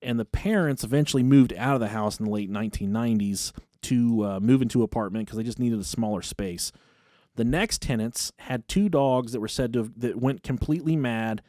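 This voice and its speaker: A man's voice: mid-range voice, a little fast, dark tone, no room sound. Man, podcast host, comedic spooky storytelling, profane, dry close sound. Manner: profane and casual.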